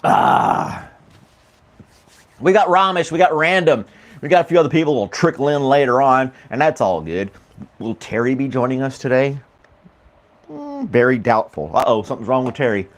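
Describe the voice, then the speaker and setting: A man's voice: mid-range voice, big pitch swings, moderate pace. A man from the United States hosting a casual morning talk show, rambling and laughing often, with many fillers. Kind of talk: casual chat with live chat viewers.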